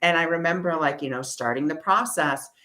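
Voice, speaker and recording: Low-voiced woman leading an energy workshop. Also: fairly quick, bright, forceful tone. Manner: casual and encouraging, repeats reassurances, many fillers. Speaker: spiritual workshop leader, energy healer. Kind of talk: live online workshop, guided breathing exercise.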